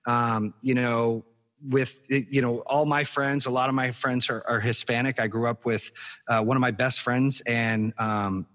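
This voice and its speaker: A man's voice: medium pitch, steady tone, measured pace, a bit bright. Rambling motivational male podcast host. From Arizona, US. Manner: motivational, rambling with many restarts. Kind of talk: casual podcast chat.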